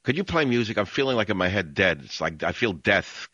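On a studio microphone, a radio talk show host rambles sardonically with strong opinions through his monologue and the calls. His voice is lowish, animated and a little fast, and the recording is muffled with heavy background noise.

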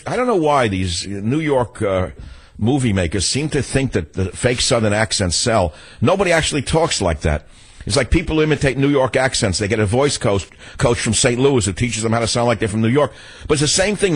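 An older male radio host delivers a sarcastic, combative rant at a studio mic. His voice has a husky, slightly rough edge at a mid pitch. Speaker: radio talk show host. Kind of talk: opinionated political talk radio.

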